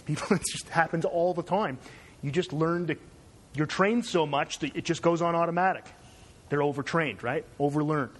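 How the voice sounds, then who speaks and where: A man's voice: fairly high pitch, normal speed. A man from Canada giving a conversational university lecture, digressive and checking in with "right?".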